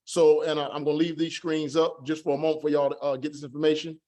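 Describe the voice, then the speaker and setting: Man, slightly high voice, patient teacher, repeats words slowly, online class. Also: little pitch movement, dark tone.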